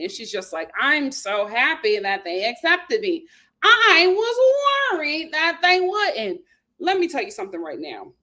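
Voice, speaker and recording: A high-voiced woman hosts a reality TV recap. Her pitch swings all over as she gives opinions straight to her viewers. She reads out their comments in a chatty style. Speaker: host. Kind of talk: casual reality TV recap chat.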